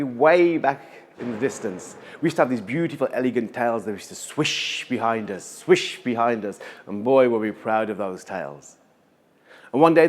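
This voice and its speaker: A man's voice: medium pitch, darkish tone. A man telling a folktale live at a museum event, dramatic, with rhythmic repetition and spoken sound effects. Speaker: storyteller.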